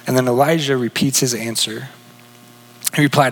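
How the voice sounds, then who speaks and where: A man preaching a sermon in an earnest, questioning way, often dropping to a soft hush. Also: medium pitch, steady tone, moderate pace, pauses often, slightly rough, long reverb tail, rough recording. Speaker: pastor.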